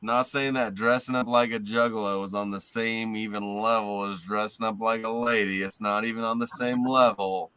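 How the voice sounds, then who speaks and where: A man's voice: on the low side, level tone, moderate pace, few pauses, a bit bright, clean tone, dry recording. A laid-back man in casual chat with friends, peppering his talk with "bro" and "man".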